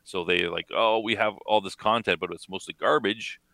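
Deep bright-voiced Canadian man. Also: steady tone, moderate pace, no echo. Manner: joking, rambling with fillers. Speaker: co-host. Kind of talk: casual podcast chat.

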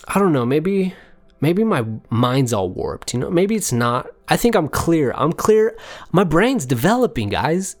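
A man's voice: fairly high pitch, very animated, unhurried. A man hosting a casual solo podcast, rambling and joking with plenty of profanity. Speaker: podcast host.

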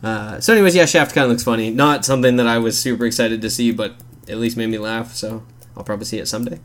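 A man co-hosting a podcast in casual chat, animated and swearing freely as he acts out scenes in silly voices. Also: medium pitch, quick pace. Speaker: podcast co-host.

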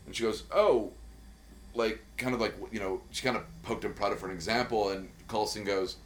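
A man's voice: fairly low pitch, normal speed, a little hiss or hum. A man co-hosting a podcast, chatting casually in a rambling, profane, enthusiastic way with many fillers. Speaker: podcast co-host. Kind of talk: casual chat.

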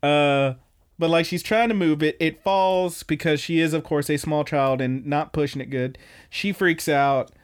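A man's voice: on the high side, a little slow, smooth. A young man co-hosting a podcast, casually recapping anime episodes in a rambling, profane way. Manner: laid-back, rambling, profane, with animated quoted voices. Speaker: podcast co-host.

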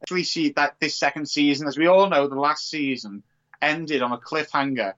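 A man co-hosting a casual podcast, talking with animated enthusiasm and frequent swearing. His voice sits a touch higher than most men's. The recording sounds dull and lo-fi. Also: moderate pace. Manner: animated, swears freely, excitable outbursts. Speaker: podcast co-host. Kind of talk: casual chat.

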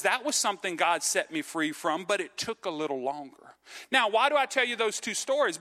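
In a church sanctuary with long hall reverb, a pastor preaches a sermon in an earnest, conversational way, repeating "okay?" and calling for amens from the congregation. His voice sits high for a man and rings bright and forceful.

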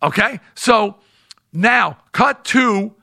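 A man hosting a podcast who tells stories casually in an animated, rambling way with lots of restarts. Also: high voice, very slow, vocal fry. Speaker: podcast host. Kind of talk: casual storytelling.

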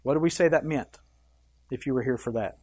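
Preaching a sermon in a church, a male pastor swings between loud, stressed phrases and quiet, low asides, varying his loudness and pace widely in emphatic fashion. He addresses the congregation directly, putting questions to the people in the pews. His voice is brisk and husky.

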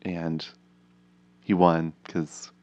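Low-voiced laid-back podcast co-host. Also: male voice, completely flat delivery, drawn-out words, warm tone, no room sound, highs cut off. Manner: easygoing, filler-heavy storytelling. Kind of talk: casual chat.

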